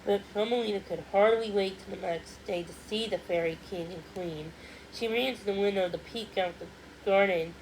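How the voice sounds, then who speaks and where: A woman gently reading a storybook aloud. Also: mid-range voice, normal speed, slight background noise, low-quality recording. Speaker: storybook reader. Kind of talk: read-aloud storybook narration.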